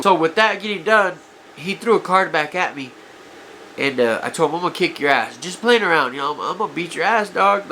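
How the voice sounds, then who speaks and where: Speaking in a fairly high, sharp voice over slight background noise, a man vlogger casually confesses past stories, regretful and self-critical. His allergies affect his voice, and he repeatedly calls viewers "guys" and says "you know" a lot.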